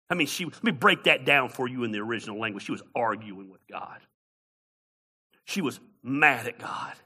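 A male pastor preaching a sermon who stammers and restarts often, swinging between loud, high preaching and quiet storytelling. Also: slightly rough.

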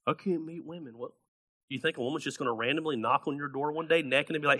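Guy pastor preaching, bright voice, sits kinda high, gets really animated telling bible stories. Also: quick pace. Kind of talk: sermon.

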